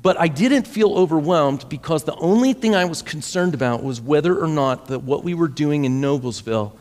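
A man's voice: on the high side, expressive, moderate pace, darkish tone, long reverb tail. A pastor in his forties tells a story in a conversational sermon style and often repeats words as he goes. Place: church sanctuary.

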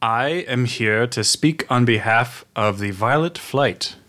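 A man's voice: medium pitch, takes it slowly, pushed and bright. A man voicing a pompous, theatrical male traveler in a tabletop game, speaking in a grand, soothing manner.

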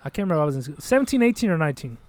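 A man's voice: fairly high pitch, very fast. A young man casually telling a long, rambling, profane story, acting out what people said. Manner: rambling, profane, animated, acts out quotes.

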